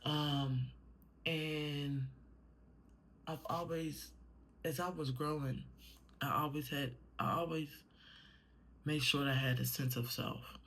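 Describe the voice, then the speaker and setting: A woman's voice: deep voice, steady tone, takes it slowly, long pauses, fairly bright tone. A young adult woman talking casually in a personal vlog, meandering with many fillers and swearing when worked up. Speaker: vlogger.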